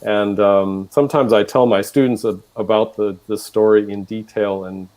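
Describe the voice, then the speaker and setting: Casting: low-pitched man, composer, halting and thoughtful in casual talk. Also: fairly even intonation, darkish tone, low-quality recording. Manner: hesitant, full of fillers and restarts. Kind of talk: casual onstage chat.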